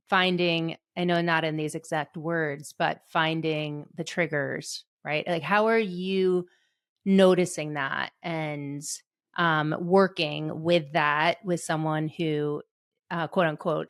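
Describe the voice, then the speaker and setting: A woman's voice: sits low, dry recording, studio quality. A woman hosting a podcast, asking loose, searching questions with fillers. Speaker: podcast host. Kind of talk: casual interview questions.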